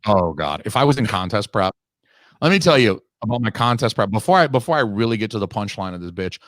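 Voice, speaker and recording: A man's voice: lowish voice, sing-song, fast talker, fairly bright tone, no echo, studio quality. A man hosting a podcast, telling a long, profane, ranting story in casual chat. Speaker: podcast host.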